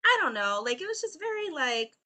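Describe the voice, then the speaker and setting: A woman's voice: high-pitched, very animated, brisk, bright, forceful tone. A woman musician guesting on a podcast, talking in a hesitant, rambling way. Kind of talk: casual conversation.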